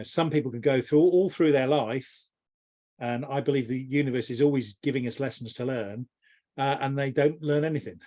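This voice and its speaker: A man's voice: mid-range voice, a little mellow. Middle-aged man, interview guest, rambling, reflective, stumbling restarts. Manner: rambling, thoughtful, many restarts. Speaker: interview guest, business mentor. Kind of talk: reflective conversational answer.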